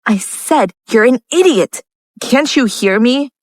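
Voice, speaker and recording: A woman's voice: on the high side, lively intonation, normal speed, no room sound, voice pushed up, close to an everyday voice. A woman reading an audiobook, voicing an anxious, hot-tempered young woman who pleads and scolds. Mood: angry scolding. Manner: pleading, then sharp and scolding.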